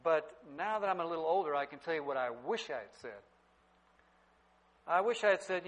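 A middle-aged man preaching a sermon, telling stories and swinging from loud to quiet. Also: on the high side, lively intonation, brisk, pauses often, dull audio. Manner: storytelling preacher, wide swings in loudness. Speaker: pastor.

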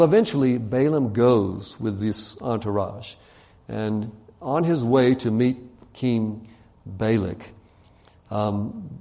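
A man's voice: mid-range voice, creaky. A man telling a story as a sermon in a conversational way, acting out the quotes with fillers and asides. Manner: conversational, animated retelling with voiced quotes and fillers. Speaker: preacher.

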